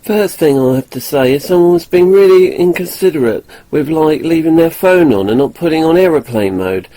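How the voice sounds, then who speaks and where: A man's voice: fairly high pitch, expressive, moderate pace, mellow, rough recording. A man vlogging casually, chatting in a jokey, eager way. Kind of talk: casual vlog talk to camera.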